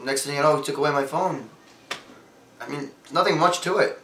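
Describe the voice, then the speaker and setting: A man's voice: fairly high pitch, a little fast, sharp tone, slight background noise. A teenage boy acting in a student short film, hesitant and stammering as he pleads, recorded far from the mic in an echoey room.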